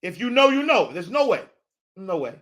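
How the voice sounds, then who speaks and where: A man hosting a motivational faith talk. He speaks in animated, repetitive, preacher-like build-ups, uses street slang and calls his listeners y'all. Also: high-pitched, normal speed. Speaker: host.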